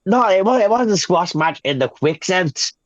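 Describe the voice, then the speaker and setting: A hoarse man with a Dublin accent rants through a casual wrestling podcast, swearing freely. His voice sits a little high, and the recording is dry and muffled. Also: expressive, normal speed, no echo. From Ireland. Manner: profane, ranting. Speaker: podcast co-host.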